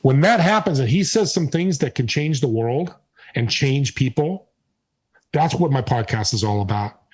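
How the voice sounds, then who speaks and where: A man's voice: mid-range voice, lively intonation, normal speed, a little mellow, husky, poor audio. A man being interviewed, telling stories with emphatic energy. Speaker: podcast host and guest. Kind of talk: casual interview storytelling.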